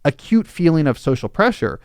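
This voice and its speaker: A podcast host explains advice in a reasoned, conversational way, acting out quoted scenarios as he goes. His voice sits a little high and a little mellow, moving fairly quickly with big pitch swings. The studio-quality recording has no echo.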